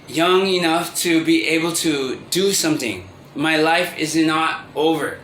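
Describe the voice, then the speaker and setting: A man in his thirties speaking a rambling, halting confessional monologue as a vlogger. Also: fairly high pitch, pushed and bright. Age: 30s. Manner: rambling, halting, with many restarts and fillers. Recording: roomy echo with faint ambient noise.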